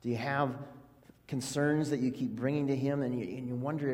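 A man's voice: medium pitch, steady tone, normal speed, a little mellow. A man preaching an earnest, conversational sermon as a pastor, with frequent restarts. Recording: long hall reverb.

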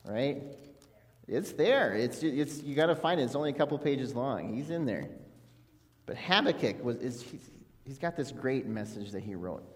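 Earnest pastor in a reverberant hall. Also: male voice, mid-range voice, lively intonation, moderate pace. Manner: earnest, conversational preaching with restarts. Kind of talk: sermon.

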